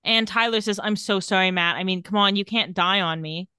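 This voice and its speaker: A woman's voice: mid-range voice, brisk, pushed and bright, smooth, no room sound, clean studio sound. A woman casually recapping a TV episode and reading the characters' lines with light sarcasm. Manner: retells scenes and reads quotes with light sarcasm. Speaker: podcast co-host recapping a TV episode.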